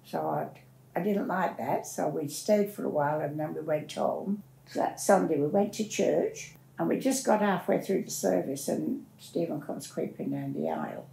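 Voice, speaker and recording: A woman's voice: low-pitched, big pitch swings, normal speed, creaky, warm tone. An older woman, telling her life story in a plain-spoken, rambling way as an interviewee. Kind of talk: personal storytelling. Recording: roomy echo.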